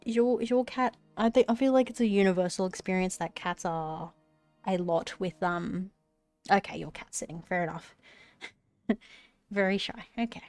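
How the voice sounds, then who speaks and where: A woman's voice: mid-range voice, normal speed, darkish tone, no echo, soft background music. A woman live-streaming while she crochets, chatting casually, swearing at her cat and often dropping to a whisper, a little phlegmy.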